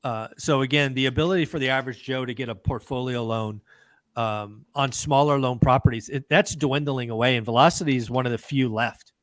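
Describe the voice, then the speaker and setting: A man's voice: mid-range voice, a little fast, dry recording. A man hosting an interview podcast, speaking in an upbeat, emphatic way and addressing listeners directly. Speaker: podcast host. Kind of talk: casual interview chat.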